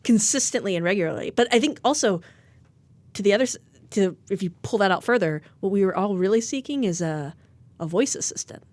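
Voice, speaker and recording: A woman co-hosting a casual tech podcast, chatty and animated, peppering her talk with "like". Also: medium pitch, a little fast, dry recording. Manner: chatty, animated, lots of likes. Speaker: podcast co-host.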